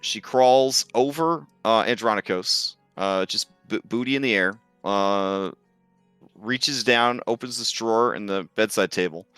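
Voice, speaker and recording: A man's voice: fairly low pitch, a little slow, fairly bright tone, smooth, no echo, soft background music. A man narrating a tabletop game as game master, casual and swearing, with many fillers.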